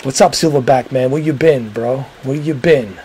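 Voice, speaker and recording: On a low-quality recording with a bit of hiss or hum, a man hosts a livestream, rambling casually to his viewers and swearing now and then. His mid-range voice is slightly mellow and runs at normal speed.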